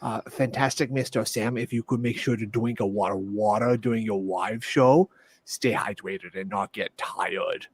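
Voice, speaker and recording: Deadpan man's voice message. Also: on the low side, moderate pace, breathy edge, dry recording. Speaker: listener sending a voice message. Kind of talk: recorded voice message.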